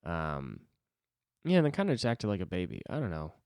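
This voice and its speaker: A man's voice: sits low, wildly swooping pitch, fairly quick, vocal fry, darkish tone, clean tone, no room sound, studio quality. A young man hosting a solo podcast, rambling casually with lots of swearing and self-deprecating asides.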